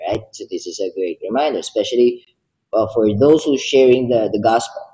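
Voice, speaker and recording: A man's voice: on the low side, expressive, a little fast, mellow, highs cut off. A man reading the Bible aloud, commenting on it with emotion and passion, then praying. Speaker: Bible reader. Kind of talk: devotional Bible reading and prayer.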